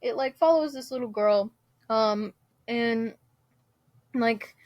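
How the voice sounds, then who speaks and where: A woman's voice: fairly high pitch, slow, no room sound, dull audio. A young adult woman chatting casually as a vlogger, rambling with lots of fillers and frequent giggles. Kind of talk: casual chat.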